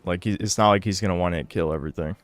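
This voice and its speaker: A man's voice: low-pitched, rapid-fire, dry recording, faint music behind. A man streaming a video game, who grumbles, swears at the game and chats casually with his viewers. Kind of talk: casual live-stream commentary.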